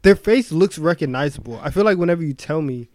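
A man's voice: on the high side, expressive, quick pace, a little mellow. A young man co-hosting a casual podcast, joking and giggling as he talks. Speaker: podcast co-host.

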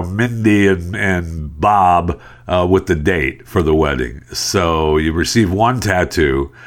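A man hosting a talk show, rambling and laughing in an animated, exasperated manner. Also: deep voice. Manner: rambling with restarts and fillers. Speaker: podcast host. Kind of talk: casual opinion talk.

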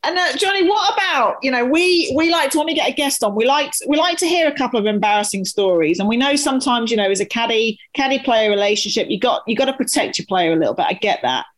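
Woman, host, casual interview, teasing questions, chatty restarts, higher voice. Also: animated, fast, hardly any pauses, low-quality recording.

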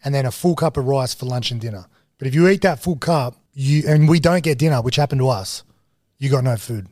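A man, a guest casually telling stories, animated and full of slang. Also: mid-range voice, a little fast, dry recording, clean studio sound. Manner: animated, slangy, swings into excited quoting. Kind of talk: casual storytelling.

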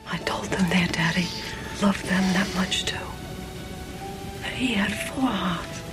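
A woman's voice: lowish voice, takes it slowly. Whispery Boston-accented mother, movie clip under strong score. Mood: hushed. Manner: hushed, whispery. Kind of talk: film clip, hushed dramatic speech. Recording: film clip with music behind.

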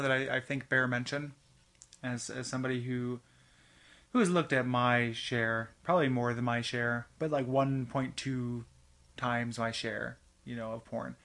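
Podcast host, young adult man, mid-pitched, rambling solo monologue full of fillers and restarts. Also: fairly bright tone. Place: home studio with his cat.

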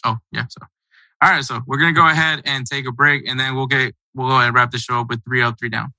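A man's voice: medium pitch, steady tone, quick pace, pushed and bright, dry recording, poor audio. A man hosting a casual sports podcast, talking in a loose, rambling, conversational way. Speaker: podcast host.

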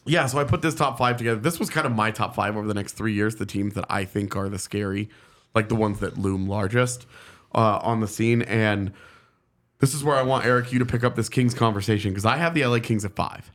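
Man, hoarse, playful, casual sports podcast co-host. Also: fairly low pitch, fairly quick, fairly bright tone. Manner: playful, jokey. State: hoarse from illness.

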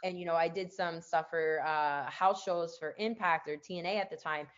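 A woman's voice: fairly low pitch, moderate pace. Chatty woman podcast host, lo-fi. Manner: chatty, peppers speech with "like". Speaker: podcast host, former wrestler. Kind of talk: casual interview chat.

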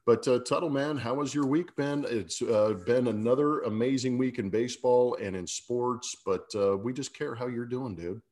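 A man's voice: mid-range voice, normal speed, hardly any pauses, darkish tone. A man hosting a sports podcast, talking casually and reading ads with a scratchy morning voice. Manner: laid-back, fillers and restarts, ad reads. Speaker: podcast host.

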